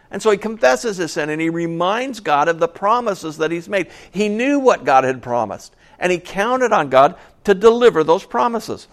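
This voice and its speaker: A man preaching a conversational sermon, telling a Bible story with folksy, animated asides. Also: a little high, normal speed.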